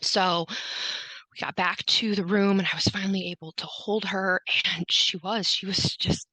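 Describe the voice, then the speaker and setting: A woman's voice: mid-range voice, fairly even intonation, moderate pace, sharp tone, dry recording, rough recording. A woman guest on a podcast, telling her story in conversation and often quoting herself and others.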